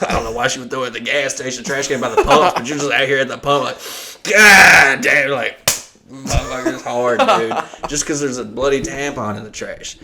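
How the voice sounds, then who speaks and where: A man's voice: medium pitch, fast, few pauses, pushed and bright. A man with a Southern US accent hosting a podcast, telling a crude story in a rambling, profane way and acting out the voices. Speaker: podcast host. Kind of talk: crude casual chat.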